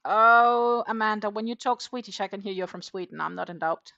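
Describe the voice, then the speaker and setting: In a muffled recording, a Danish woman speaks fairly quickly in a mid-range, gravelly voice with a sharp tone. She's chatting on a home crochet livestream, reading comments aloud with many fillers, her accent a mix of Danish, Dutch and English.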